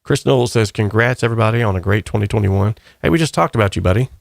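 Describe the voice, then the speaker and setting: Male host, low gravelly voice, dry close sound, casual rambling comment-reading. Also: quick pace, no room sound. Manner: rambling, relaxed, upbeat. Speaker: channel host.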